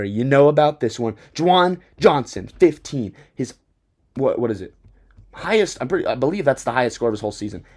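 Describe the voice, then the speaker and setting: A young man hosting a fantasy football podcast, talking in a rambling, excitable way and often stumbling over his words. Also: medium pitch. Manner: rambling, self-interrupting, excitable. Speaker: podcast host. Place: Bozeman, Montana.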